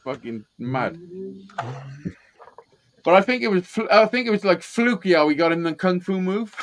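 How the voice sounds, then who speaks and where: A man's voice: sits high, animated, moderate pace, slight background noise, low-quality recording. A man hosting a live call-in show, telling stories casually with constant swearing and laughing at his own tales. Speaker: host of a live call-in stream. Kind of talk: casual storytelling chat, heavy swearing.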